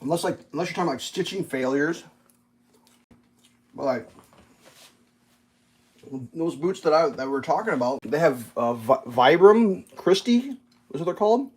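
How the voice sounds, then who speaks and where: A man's voice: fairly high pitch, expressive, a little slow, pauses often. Rambling, foul-mouthed man ranting casually. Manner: rambling and profane, with many fillers. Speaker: channel host. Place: at a breakfast table.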